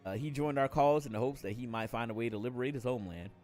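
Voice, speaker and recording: A man's voice: medium pitch, darkish tone, soft background music, natural voice. A man reading as a formal game character. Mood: solemn. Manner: formal, measured reading aloud. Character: composed male game character briefing an adventurer.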